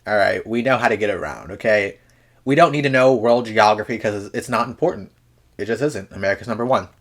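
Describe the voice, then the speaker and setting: A man's voice: lowish voice, a little fast. A man hosting a reaction video, making casual joking comments full of fillers and mock-serious rants.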